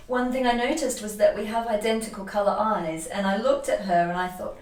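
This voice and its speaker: Animated woman telling a story in an echoey room. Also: medium pitch, a little fast, hardly any pauses, far from the mic. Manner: animated, emotional storyteller, frequent restarts. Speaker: guest, energy healer. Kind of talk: casual conversation, personal storytelling.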